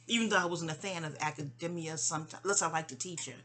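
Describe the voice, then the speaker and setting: A woman from New York speaking in a rambling, digressive personal monologue addressed to her mother, full of restarts and asides, often dropping soft. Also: low voice, quick pace, few pauses. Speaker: vlogger.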